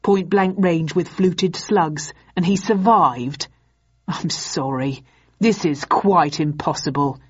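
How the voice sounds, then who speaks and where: A woman's voice: on the low side, slow pace, breathy edge, no room sound, dull audio. A woman voicing a skeptical male officer who speaks indignantly. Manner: indignant and disbelieving.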